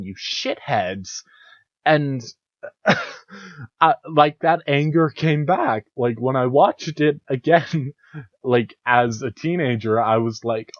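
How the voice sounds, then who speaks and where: A man's voice: medium pitch, no room sound, muffled recording. A man hosting a casual solo podcast, telling stories with a lot of swearing and sudden angry outbursts. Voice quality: profane, animated storytelling with sudden outbursts. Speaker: podcast host.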